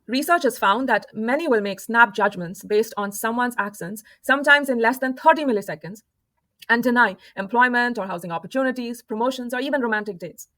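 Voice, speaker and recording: Quick, bright-voiced woman narrating an explainer. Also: fairly high pitch, no room sound. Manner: calm, explanatory, measured. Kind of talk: scripted narration.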